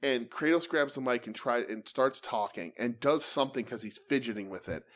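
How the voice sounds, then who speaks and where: A man co-hosting a casual wrestling podcast, talking in a profane, animated way and mimicking promos. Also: medium pitch, moderate pace. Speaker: podcast co-host.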